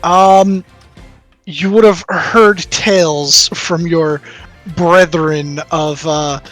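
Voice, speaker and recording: A man's voice: a little high, fairly even intonation, very slow, a bit bright, soft background music. A man running a tabletop game as game master, narrating and calling rolls in a laid-back way.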